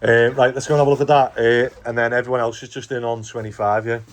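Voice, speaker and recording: A man's voice: mid-range voice, flat delivery, quick pace. A man, a building boss filming a casual vlog, joking with his workers. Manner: jokey, laughs often, banters with workers. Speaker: vlogger and building firm boss. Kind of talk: casual chat on a work site.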